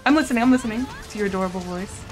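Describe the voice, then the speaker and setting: A woman's voice: medium pitch, racing, soft background music. A young woman streaming a game, chatting casually and giggling with her viewers, swearing now and then. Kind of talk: casual live-stream chat while gaming.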